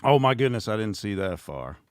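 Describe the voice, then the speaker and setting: A man's voice: on the low side, big pitch swings, fairly quick, dry recording, studio quality. A middle-aged man hosting a casual livestream, talking in a sarcastic, rambling, mocking way. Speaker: host.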